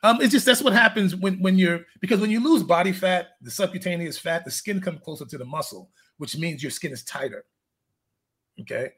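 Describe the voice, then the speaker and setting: A man's voice: sits high, fairly quick, fairly bright tone, husky. A man, a fitness coach, chatting casually in an interview, telling candid rambling stories and laughing at his own jokes.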